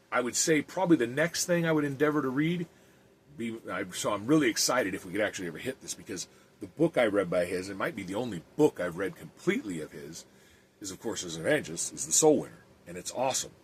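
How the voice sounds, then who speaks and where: A man who is an evangelist and podcast host talks earnestly and plainly in a mid-range voice, fast and animated. He makes some restarts and reads aloud, and there is a little hiss or hum on the recording.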